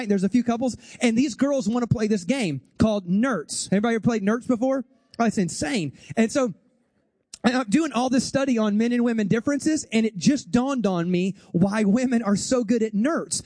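High-voiced joking pastor with a drawl. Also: male voice, a little mellow, no echo. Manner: chatty, joking, addresses the congregation directly; acts out voices and gestures in quick asides. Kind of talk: humorous sermon.

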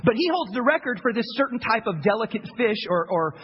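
A man preaching a sermon as a pastor, telling a story in an animated way, repeating words and acting out the people he quotes. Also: high-pitched, fairly quick, breathy edge. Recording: dull audio with long hall reverb, faint noise.

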